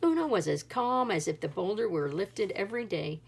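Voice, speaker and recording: Animated woman reading a storybook aloud. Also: medium pitch, moderate pace, vocal fry, husky. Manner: animated, dramatic rises and drops. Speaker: read-aloud narrator.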